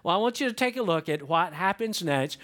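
A man's voice: sits high, lively intonation, brisk, fairly bright tone. A male pastor preaching a sermon, emphatic and repeating key lines to the congregation.

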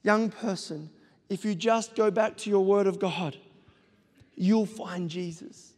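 Preaching in the long reverb of a big church hall, a middle-aged pastor hammers home his message with repeated exhortations. His fairly high voice has a darkish tone and a moderate pace.

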